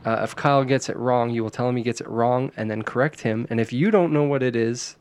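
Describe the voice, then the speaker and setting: A man's voice: mid-range voice, brisk, darkish tone, smooth. A man hosting a casual podcast chat, quizzing his friends on slang words and laughing often. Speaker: podcast host.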